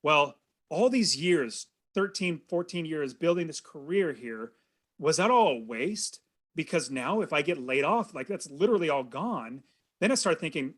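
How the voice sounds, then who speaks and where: A man in his thirties tells a personal story as a podcast guest, earnest and animated. His voice sits a little high for a man. He talks plainly and warmly to his host. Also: moderate pace. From California. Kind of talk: storytelling in an interview.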